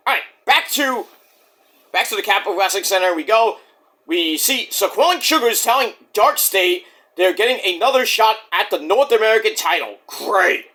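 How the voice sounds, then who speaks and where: Excitable, swearing man with a lively high voice. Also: normal speed. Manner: excitable and profane, acts out quotes in silly voices. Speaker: wrestling show reviewer. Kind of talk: casual solo review vlog.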